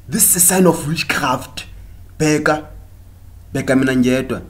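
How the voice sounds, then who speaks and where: In a mocking comic rant to the camera, a South African comedian vlogger preaches at women, switching between English and local languages. His voice is medium-pitched and measured in pace, with frequent pauses.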